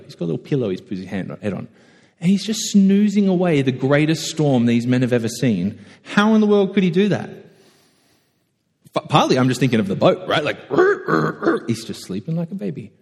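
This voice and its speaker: A man preaching a conversational sermon, self-deprecating and animated when telling stories. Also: mid-range voice, slightly rough. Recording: echoey hall.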